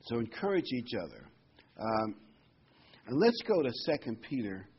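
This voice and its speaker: A man preaching a conversational sermon, reading scripture slowly and with emphasis. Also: mid-range voice, wildly swooping pitch, a little hiss or hum. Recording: dull lo-fi recording.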